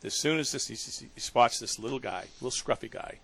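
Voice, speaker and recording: A man hosting a talk radio show, telling a story in an earnest, emotional way with halting restarts. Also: medium pitch, a bit bright.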